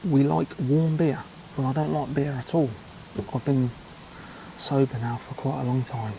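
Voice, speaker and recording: Chatty English man with a gravelly voice. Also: mid-range voice, level tone, unhurried, background noise. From England. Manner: chatty, dry asides. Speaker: travel vlogger. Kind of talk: casual vlog commentary.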